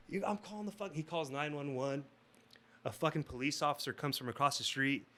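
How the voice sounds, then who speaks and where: A man's voice: mid-range voice, a little hiss or hum. A man guesting on a podcast, telling a story in casual, rambling, swear-heavy talk. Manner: profane, rambling, animated.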